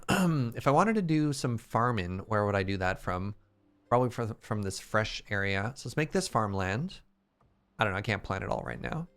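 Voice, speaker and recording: A man's voice: on the low side, sing-song, normal speed, a bit bright, smooth. A Canadian man chatting casually and joking around while streaming a game. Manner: playful, joking, exclamatory. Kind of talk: casual gameplay chat.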